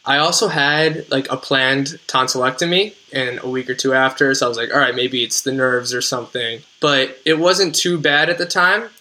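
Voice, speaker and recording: A young man in his twenties with a New Jersey accent, speaking as a podcast guest. He tells his story in an earnest, measured way and sprinkles in casual fillers. His voice is bright and forward, at a middle pitch. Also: low-quality recording. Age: 20s. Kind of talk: podcast interview.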